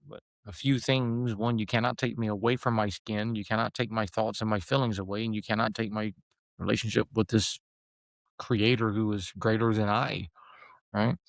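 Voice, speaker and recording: A man's voice: fairly low pitch, steady tone, normal speed, vocal fry, dry recording. A man hosting a podcast, talking earnestly in a rambling way with many fillers and restarts. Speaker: podcast host. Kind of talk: casual podcast talk.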